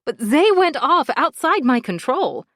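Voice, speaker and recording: A woman's voice: sits high, very animated, unhurried, a bit bright, dry recording, clean studio sound, pitched above the performer's own voice, heavily acted. A woman reading an earnest, defensive grown woman. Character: grown woman confronting an old school friend, defensive.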